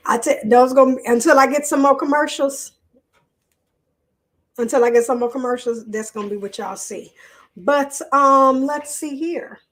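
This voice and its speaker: A woman's voice: high-pitched, moderate pace. A woman hosting a live online show, chatting casually with viewers and reading a news article aloud in a loose, off-the-cuff way.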